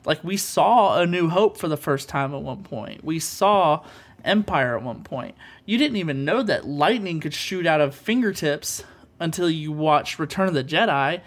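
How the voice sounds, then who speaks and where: A man's voice: a little high, expressive, normal speed. Earnest rambling podcast co-host man. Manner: earnest, rambling with many fillers. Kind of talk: casual chat about films.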